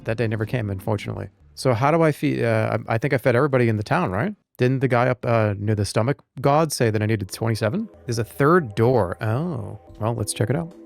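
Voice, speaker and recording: A man's voice: medium pitch, fairly quick, gravelly, hardly any pauses, soft background music. A man streaming a video game, chatting loosely with his audience in a rambling, joking way. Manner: rambling, jokey, talks to chat. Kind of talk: live gaming commentary.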